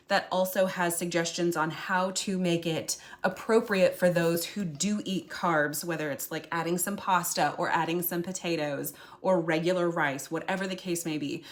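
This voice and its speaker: A woman vlogger speaking to camera in a casual, encouraging monologue, earnest and chatty. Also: fairly low pitch. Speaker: health and food vlogger.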